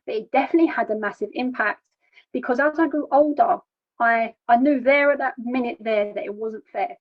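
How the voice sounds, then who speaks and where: Woman, fairly high voice, plain halting testimony, dull lo-fi sound. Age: adult. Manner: plain, halting, repeats words when emotional. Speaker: charity founder sharing her story. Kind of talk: personal testimony. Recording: dull lo-fi recording.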